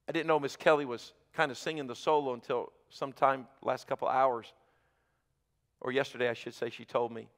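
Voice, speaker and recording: A man preaching a sermon as pastor, moving between quiet, intimate passages and loud, emphatic ones. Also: mid-range voice, in a large hall. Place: church sanctuary.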